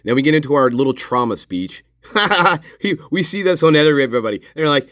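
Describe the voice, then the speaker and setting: A man's voice: on the high side, sing-song, fast, fairly bright tone, no echo, clean studio sound. A man commenting on interview footage in an angry, sarcastic, profane rant.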